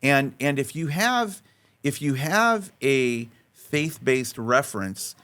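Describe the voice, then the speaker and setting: A man speaking on a podcast, telling a story in an animated way and repeating words as he restarts his sentences. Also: takes it slowly. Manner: animated storyteller, voice rising high when acting out quotes. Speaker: faith-based life coach and podcast guest.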